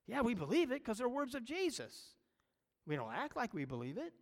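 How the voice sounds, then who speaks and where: A pastor preaching a sermon, emphatic and full of rhetorical questions and repeated phrases. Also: male voice, very high-pitched, huge pitch swings, fairly quick, in a large hall.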